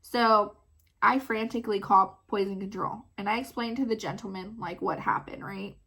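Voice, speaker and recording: A mother vlogging, retelling a story in a casual, animated way full of "like". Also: mid-range voice, normal speed, gravelly, breathy edge. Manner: animated, filler-heavy retelling with many "like"s.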